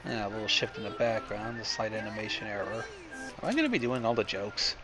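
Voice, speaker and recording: A man's voice: fairly low pitch, animated, fast talker, bright, forceful tone, faint music behind. A man hosting a riff on a film, in casual, profane and sardonic commentary. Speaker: host riffing on a film.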